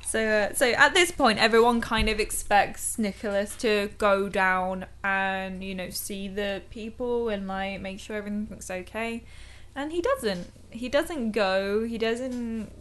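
A woman in a relaxed podcast chat, telling a historical story with lots of filler words and easy laughter. Her voice sits at a middle pitch for a woman, conversational and unhurried. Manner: chatty, many fillers, laughs often.

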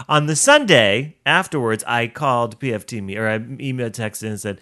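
A man hosts his own show with a comic monologue. His voice is bright and pushed forward. He leans into the sass, swears freely, and tells the story with wide swings in pitch. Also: moderate pace, hardly any pauses. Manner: sassy, profane, animated storyteller with big pitch swings. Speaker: podcast host.

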